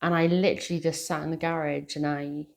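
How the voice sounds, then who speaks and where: A middle-aged British woman who reads tarot shares a heartfelt spiritual message with her viewers, speaking earnestly but hesitantly, with lots of fillers. Her voice is low-pitched, level, and a little mellow, with vocal fry and a fairly quick pace.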